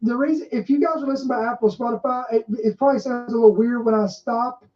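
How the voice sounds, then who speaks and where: A woman with a higher-pitched voice reads headlines aloud and breaks off to comment on them. She stresses and repeats key words for effect, and her tone is warm and mellow. The recording sounds dull and muffled. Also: fairly even intonation, fast talker. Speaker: podcast host. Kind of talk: commentary reading news aloud.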